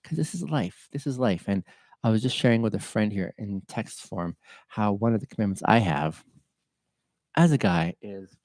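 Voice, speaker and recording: Male podcast host, earnest and openly emotional, soft-spoken and warm-toned, dry close sound. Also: fairly low pitch, moderate pace, dry recording. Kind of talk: reflective livestream talk.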